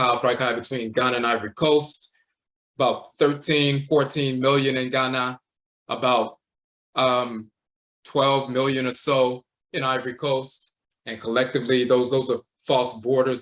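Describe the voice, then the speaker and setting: A man teaching a livestream lecture, walking slowly through words and terms, repeating them and often tacking on "and so forth.". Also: mid-range voice, a bit bright. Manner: measured, repeats terms and says "and so forth" a lot. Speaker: teacher of a spiritual tradition.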